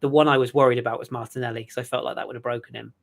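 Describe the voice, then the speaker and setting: A man chats about football as a podcast co-host, his voice sitting at an ordinary middle pitch. He jokes along and keeps restarting his sentences, with plenty of ums along the way. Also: steady tone, racing, gravelly. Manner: chatty and joking, with many fillers and restarts. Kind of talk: casual football chat.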